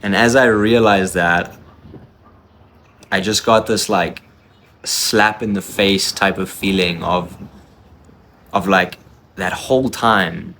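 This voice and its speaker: A man telling a personal confessional story in an emotional, intense way, often halting and restarting his sentences. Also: deep voice, steady tone, a bit bright, slight background noise.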